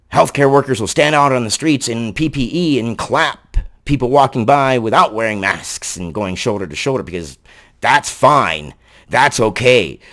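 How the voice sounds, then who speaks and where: A man's voice: mid-range voice, fairly bright tone. A man delivering angry political commentary, sarcastic and profane in his ranting.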